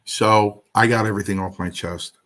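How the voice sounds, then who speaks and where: A man's voice: fairly low pitch, steady tone, moderate pace, a bit bright. A man guest in an interview, telling a story in a casual way and acting out the other voices in his quotes.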